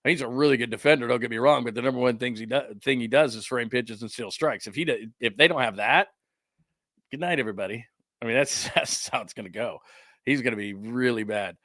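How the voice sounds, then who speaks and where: A man's voice: mid-range voice, a little fast, fairly bright tone, no echo, studio quality. A man hosting a sports talk show, ranting heatedly and sarcastically, mocking others with put-on quotes. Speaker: sports radio host.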